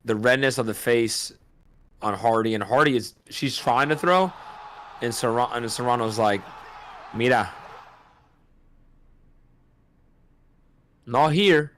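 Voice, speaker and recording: A man calling a boxing match on a casual watch-party stream, excitable and slangy, laughing often. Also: medium pitch, moderate pace. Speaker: host doing fight commentary.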